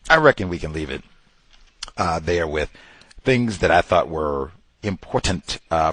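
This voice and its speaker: A man's voice: a bass voice, fairly bright tone, breathy edge, no echo. A man hosting a podcast, delivering emphatic commentary and mimicking the people he quotes. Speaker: podcast host. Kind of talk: commentary monologue.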